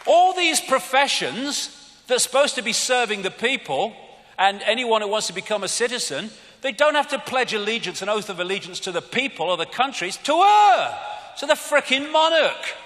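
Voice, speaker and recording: A British man giving a live arena talk, animated and mocking, often swearing. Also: extremely high pitch, normal speed. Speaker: public speaker. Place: large arena. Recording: arena reverb with faint crowd.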